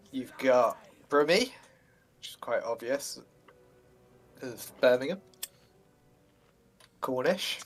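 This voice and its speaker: A man chatting casually over a headset mic in online game voice chat, leading his group and listing things off in short, relaxed bits. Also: mid-range voice.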